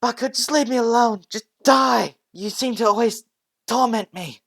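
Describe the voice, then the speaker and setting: Man voicing a timid young boy, high pleading voice, tearful cries, loud outbursts. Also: normal speed, vocal fry, exaggerated voice. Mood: screaming.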